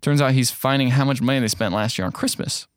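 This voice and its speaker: A man's voice: mid-range voice, quick pace, no echo, studio quality. A young man co-hosting a podcast, casually recapping a movie plot and acting out lines in silly voices. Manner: jokey, acts out characters in silly voices. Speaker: podcast co-host.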